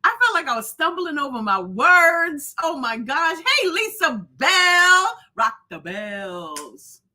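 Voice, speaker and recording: A woman's voice: very high voice, very animated, a little slow, sharp tone. Effusive woman hosting a live stream. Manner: effusive, greets viewers by name; rambling, many fillers and restarts. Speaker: host of a live show. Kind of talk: casual live-stream chat.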